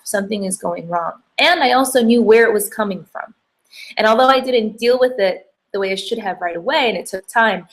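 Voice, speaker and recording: A young woman telling a personal faith story to camera, chatty and emotional, with many fillers. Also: medium pitch. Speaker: hijab brand founder giving a faith talk.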